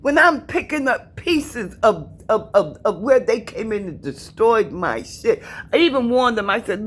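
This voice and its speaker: A woman's voice: a little high, sing-song, measured pace, breathy edge. A middle-aged woman vlogging from her apartment, giving an emphatic, preachy personal rant to her viewers and repeating herself for emphasis.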